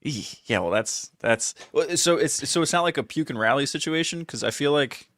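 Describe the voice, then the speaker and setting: A man's voice: mid-range voice, moderate pace, fairly bright tone, no echo, studio quality. A man co-hosting a live talk show, cracking jokes and laughing along.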